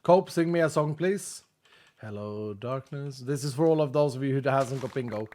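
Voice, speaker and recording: A man's voice: a little high, brisk, darkish tone. A man chatting casually and tiredly to viewers while streaming a game, joking and thinking aloud. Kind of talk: casual gaming livestream chat.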